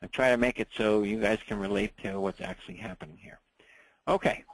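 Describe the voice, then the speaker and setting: A man teaching a ham radio class in a relaxed, chatty way, often checking in with the room. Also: fairly low pitch, fairly quick, creaky, no room sound, low-quality recording.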